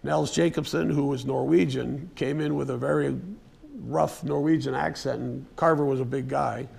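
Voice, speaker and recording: A man with a very gravelly, rough-edged voice gives an unscripted talk at a museum. His voice is husky rather than clean, and he speaks at an ordinary middle pitch. He tells the story in a folksy, conversational way, with plenty of ums and restarts and an occasional throat-clear. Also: fairly even intonation, moderate pace, a little mellow. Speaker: presenter giving a museum lecture. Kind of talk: casual unscripted lecture storytelling. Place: museum presentation room.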